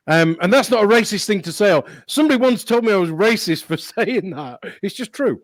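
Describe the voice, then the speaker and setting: A man's voice: high voice, expressive, brisk, dry recording, rough recording. A man co-hosting a casual chat, telling rambling anecdotes and chuckling often. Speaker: co-host.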